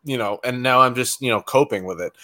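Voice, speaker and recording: Man, casual chat, calm and matter-of-fact, lots of fillers, bright tone. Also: mid-range voice, fast.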